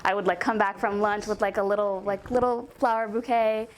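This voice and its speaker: A woman's voice: mid-range voice, flat delivery, a little fast, a little hiss or hum. A young woman telling a casual storytime about a coworker, chatty and full of "like" and "um" fillers.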